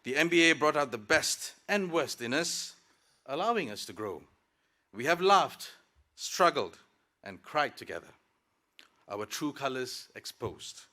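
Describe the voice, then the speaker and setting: With a sing-song, bright and forceful medium-pitched voice, a man speaks a little slowly as the graduation's student speaker. He's a working professional in his thirties, and his prepared podium speech is formal, with the occasional light joke.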